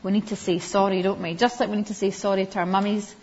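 A woman giving a Bible lesson to young children, gently questioning them and calling on them by name. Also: medium pitch, level tone, fast. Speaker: Sunday school teacher. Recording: slightly dull lo-fi recording.

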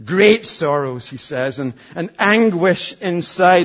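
Earnest preacher, high voice, muffled. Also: male voice, a little slow, hardly any pauses. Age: 40s. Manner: earnest, swings from loud to hushed. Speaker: pastor. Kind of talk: sermon.

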